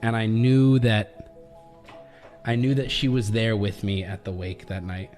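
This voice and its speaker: A man's voice: fairly low pitch, level tone, a little slow, darkish tone, soft background music. A man streaming, chatting casually in a rambling, profane way and laughing often.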